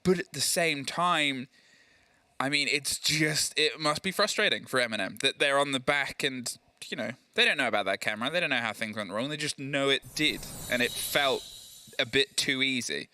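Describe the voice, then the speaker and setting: A young man giving analytical esports color commentary, measured, often restarting his sentences. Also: mid-range voice, bright, forceful tone, slight background noise.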